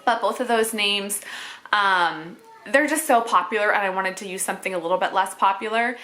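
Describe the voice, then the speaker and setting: A woman's voice: mid-range voice, normal speed, sharp tone. A woman vlogging casually to camera as a mother, chatty with frequent fillers and little laughs. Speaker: mom vlogger.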